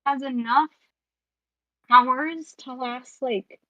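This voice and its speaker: A woman co-host talks casually in a live online chat, lively and joking. Her voice sits a little high and sounds dry and close. The audio is dull and lo-fi. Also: no echo. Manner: animated, joking, quick asides.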